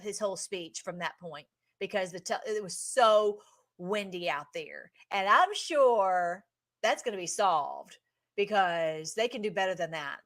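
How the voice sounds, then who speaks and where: A woman's voice: medium pitch, expressive, unhurried, a bit bright. Effusive woman hosting a livestream. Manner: effusive and emotional, many restarts and fillers. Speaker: livestream host commenting on clips. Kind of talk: casual livestream commentary.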